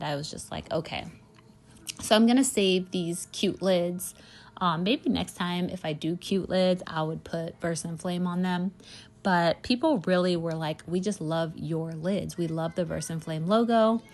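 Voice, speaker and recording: Chatty woman with a lowish voice. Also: a little mellow. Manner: chatty, rambling, heavy use of "like" and "you know". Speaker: candle maker and small business owner. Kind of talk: casual storytelling vlog.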